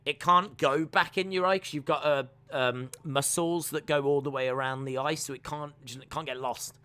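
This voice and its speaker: A young man hosting a live watch-along stream, rambling chattily with viewers and calling the action in excited play-by-play. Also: a little high, moderate pace, clear, resonant tone.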